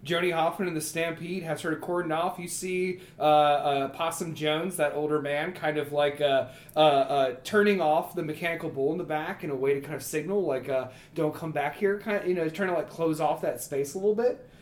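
A man's voice: a little high, brisk, few pauses. Rambling man narrating as game master, roomy echo. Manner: rambling, full of "uh" and "like" while describing scenes. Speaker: game master and podcast host.

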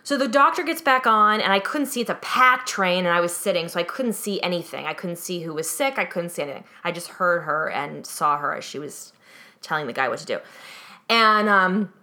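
A young adult woman co-hosting a podcast tells a story in casual chat, animatedly acting out the people in it. Her voice is fairly low in pitch and she speaks a little fast.

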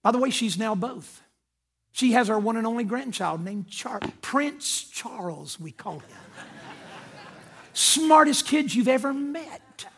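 Older man, pastor, sermon, very high husky voice, emphatic, addresses the congregation. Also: animated, slow. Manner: storytelling with quoted dialogue.

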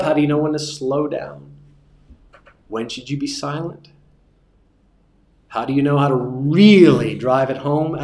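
Male instructor teaching preaching, easygoing and wry, repeats key phrases, mid-pitched voice, roomy classroom sound. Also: a little mellow. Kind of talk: teaching a class on sermon delivery.

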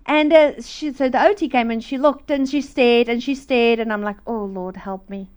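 A woman with a high, light voice delivers a lively testimony from the pulpit. She acts out the people in her story, dropping to a hush and then bursting into laughter. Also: normal speed, smooth. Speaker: speaker at a church. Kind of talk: testimony sermon.

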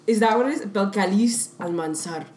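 A woman's voice: mid-range voice, a little fast. A young woman co-hosting a podcast, telling a story in casual chat and laughing through the punchlines. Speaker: podcast co-host. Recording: echoey room with faint noise.

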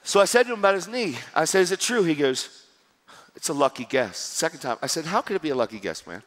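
A man preaching a sermon, telling a story in a lively, joking way and acting out the dialogue. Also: fairly high pitch, fast talker, long reverb tail. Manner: animated, jokey, acts out dialogue.

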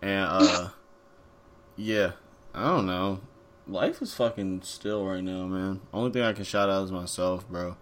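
Young male co-host, lower voice, easygoing slangy banter. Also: a little slow. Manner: laid-back, profane, slangy. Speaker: podcast co-host. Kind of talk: casual podcast chat.

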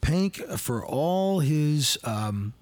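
A man's voice: fairly high pitch, animated, extremely slow, darkish tone, no echo. A middle-aged man, hosting a podcast and telling a story in a casual, rambling way full of "you know" fillers. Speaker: podcast host and former police officer.

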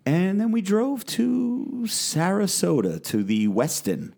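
A man's voice: sits high, huge pitch swings, slow, creaky, darkish tone. A man chatting casually and jokily as a podcast co-host. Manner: jokey, casual. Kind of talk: casual chat.

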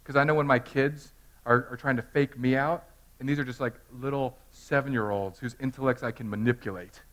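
A man preaching a sermon as pastor, swinging from hushed, intimate talk to loud, fervent passages and often repeating words. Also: mid-range voice, fairly even intonation, fairly quick.

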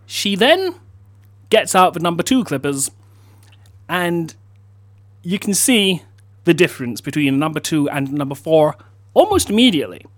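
A man's voice: fairly high pitch, very animated, unhurried, pauses often, no echo, clean studio sound. A man hosting a comedy show, telling a story with self-mocking asides. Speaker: host. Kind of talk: comedic storytelling and news segment.

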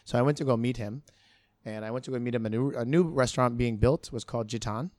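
A middle-aged man, a bartender, telling his story in a relaxed, rambling way with frequent restarts. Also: medium pitch, fast talker, dry recording. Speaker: bartender guest. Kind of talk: casual storytelling in an interview.

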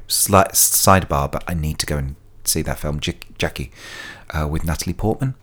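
A man's voice: very deep voice, moderate pace, fairly bright tone. A man telling stories on his solo podcast, chatty and prone to digressions and sidebars. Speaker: podcast host. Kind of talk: casual solo podcast storytelling.

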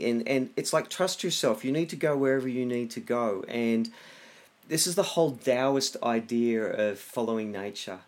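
A middle-aged man giving casual wellness advice, lively, often acting out inner voices. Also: medium pitch. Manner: animated, acts out inner voices.

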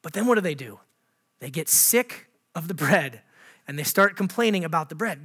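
A man's voice: a little high, lively intonation, moderate pace, a bit bright, breathy edge. A male pastor preaching a sermon in a conversational way, asking the congregation questions and laughing at his own jokes.

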